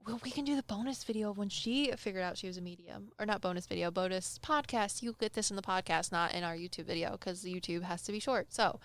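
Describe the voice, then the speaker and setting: A young woman casually telling a personal story on a podcast, animated and acting out the people she quotes. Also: mid-range voice, fast, hardly any pauses. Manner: animated, acts out quoted voices, laughs often. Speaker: medium telling stories on a podcast.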